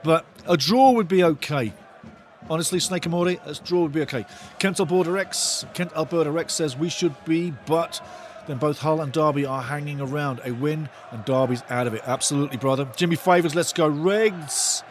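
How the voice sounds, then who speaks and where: Excitable man calling a live watch-along. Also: a little high, moderate pace, a little hiss or hum. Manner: animated, bursts into shouts at big moments, reads viewer comments aloud; repeats phrases for emphasis. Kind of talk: excitable live commentary and chat reading.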